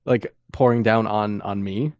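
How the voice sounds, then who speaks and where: A man playing a tabletop game, talking hesitantly with many pauses and restarts. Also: on the low side, fairly even intonation, no room sound, studio quality. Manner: hesitant, full of ums and restarts. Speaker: player.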